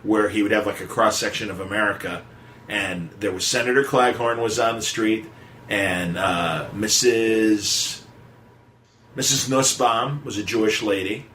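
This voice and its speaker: A man's voice: on the low side, steady tone, moderate pace, fairly bright tone, a little hiss or hum. A man hosting a podcast, telling trivia in a rambling, digressive casual chat. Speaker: podcast host. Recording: echoey room with faint music.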